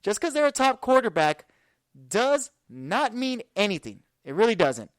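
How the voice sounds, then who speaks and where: A woman's voice: mid-range voice, sing-song, normal speed, no echo. A woman in her twenties hosting a sports podcast, talking casually and rambling with fillers. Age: 20s. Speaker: podcast host.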